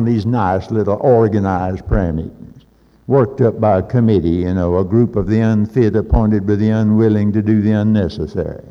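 A man preaching a sermon with fervent urgency, building to loud peaks and dropping in folksy asides. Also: fairly low pitch, fairly even intonation, normal speed. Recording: old lo-fi recording in a reverberant hall.

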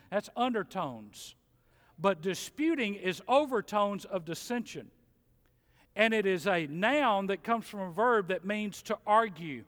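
A middle-aged man preaching a sermon in a church, folksy and animated, mimicking grumblers. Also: sits high, measured pace. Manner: animated, folksy, mocks complainers in mimicking voices. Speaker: pastor. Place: church sanctuary. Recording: long hall reverb.

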